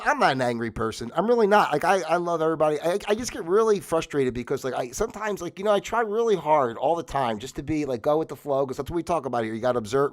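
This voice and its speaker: Heated, profane man ranting on a livestream. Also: a little high. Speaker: livestream host.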